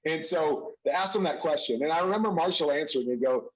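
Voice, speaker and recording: A middle-aged man whose speaking voice sits a little on the high side. He is a former quarterback and an interview guest, and he answers in a thoughtful, humble way. His replies are full of "you know" fillers and restarted sentences. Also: fast talker, hardly any pauses, rough recording. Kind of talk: conversational interview.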